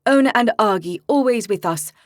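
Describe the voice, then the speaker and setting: A woman voicing a loyal male creature companion who speaks in slow, halting broken phrases. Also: medium pitch, expressive, no room sound, clean studio sound, close to an everyday voice. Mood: earnest.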